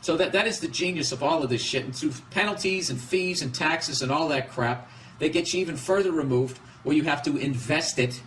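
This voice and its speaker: A man's voice: fairly high pitch, brisk, a bit bright, slight background noise. Profane ranting middle-aged man. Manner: profane, exasperated, self-interrupting. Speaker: podcast host. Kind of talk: rambling comedic podcast rant.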